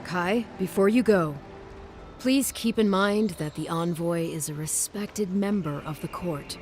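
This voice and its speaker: A woman's voice: fairly low pitch, a little slow, faint music behind, natural voice. An actress playing a harried female guard captain in a game, weary and apologetic.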